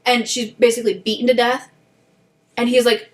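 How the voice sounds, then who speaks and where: A young woman co-hosting a podcast, retelling a story in a casual chat with animated indignation and laughter. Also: a little high, moderate pace. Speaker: podcast co-host.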